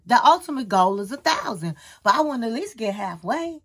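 A woman hosting her own channel, chatting casually to camera and telling a story in an animated way with sudden jumps in pitch. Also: brisk, breathy edge. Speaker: YouTube channel host.

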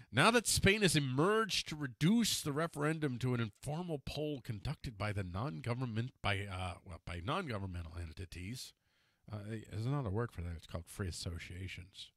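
A man's voice: on the high side, bright, forceful tone, no room sound, studio quality. A man giving casual, wry political commentary, sarcastic and laughing at his own jabs, stumbling over names and correcting himself.

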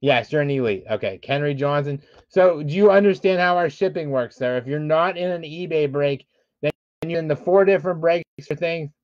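A man's voice: on the high side, normal speed, darkish tone. A man hosting a live-streamed card break, calling out player names as he opens packs and explaining the shipping rules to viewers, admitting he is frustrated. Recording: dull lo-fi dry sound.

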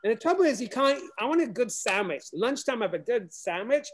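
A man's voice: very high-pitched, very animated, fairly quick. A man giving a remote classroom demonstration over a video call as a space program educator, talking in a playful way with many restarts.

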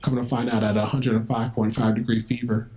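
A man's voice: medium pitch, flat delivery, fast talker, warm tone, a little hiss or hum, low-quality recording. A man telling his story to students. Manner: conversational, vivid, acts out remembered dialogue. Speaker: guest speaker at a school. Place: school, indoors.

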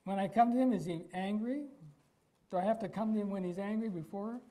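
Male pastor from Iowa, relaxed warm sermon delivery, quizzes the pews. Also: sits high, a little fast, rough recording. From Iowa, United States. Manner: emphatic, asks the congregation rhetorical questions.

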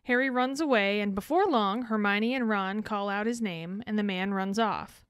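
Clear-voiced woman summarizing a film scene. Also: mid-range voice, moderate pace, no echo, clean studio sound. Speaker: podcast co-host.

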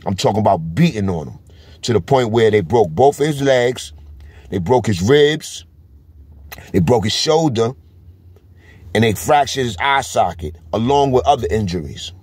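A man's voice: fairly low pitch, expressive, moderate pace, darkish tone, slightly rough, no room sound. Emphatic New York man vlogging. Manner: emphatic, repeats "you heard?" constantly. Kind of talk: casual street commentary.

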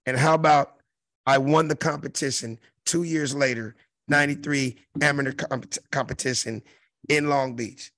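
A man's voice: mid-range voice, steady tone, normal speed, fairly bright tone, dry recording. A middle-aged man from South Central Los Angeles, a comedian telling a profane, emphatic story as an interview guest. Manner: profane, emphatic, mimics crowd noises. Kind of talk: animated storytelling.

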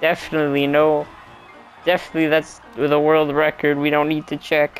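A young man streaming a racing game, chatting to himself in a self-mocking, excitable way. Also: fairly high pitch, normal speed, soft background music. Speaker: gameplay streamer. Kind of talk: casual let's-play commentary.

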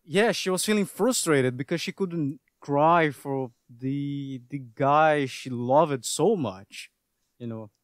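Man, podcast co-host, slow, emotional, halting, fillers, dry sound. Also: a little high, no echo. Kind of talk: casual chat.

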